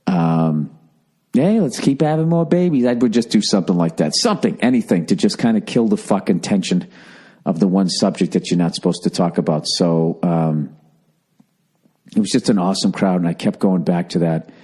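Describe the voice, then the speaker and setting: Low, mellow man ranting quietly. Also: brisk, breathy edge. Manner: profane, sardonic, talking quietly. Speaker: podcast host. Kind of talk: rambling casual monologue. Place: at home, indoors.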